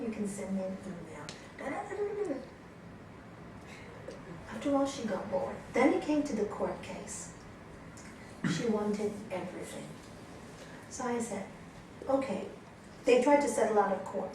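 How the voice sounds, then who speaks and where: A woman's voice: on the high side, measured pace, pauses often, slight background noise. A woman yoga teacher telling stories to her class and acting out the people in them. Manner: animated storytelling, acting out quoted people. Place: teaching room. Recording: echoey room from a distance.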